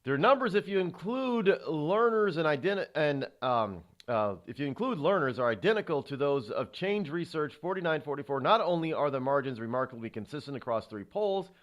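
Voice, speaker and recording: A male talk show host giving political commentary, halting often with restarts and sighs. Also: a little high, lively intonation.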